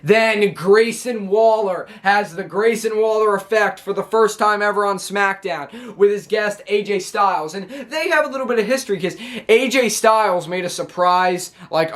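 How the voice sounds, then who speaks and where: A man with a high voice talks through a show recap for his vlog. He rambles in a loose, casual way, full of restarts and fillers. He is filmed at home on his own camera. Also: a bit bright. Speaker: wrestling show reviewer.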